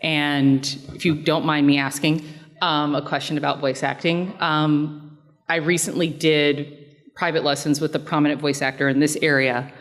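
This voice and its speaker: Low-voiced female fan at the mic, polite and halting, echoing convention hall. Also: little pitch movement. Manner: polite, hesitant, filler-laden. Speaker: audience questioner, voice actor. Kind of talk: asking a question at a panel Q&A.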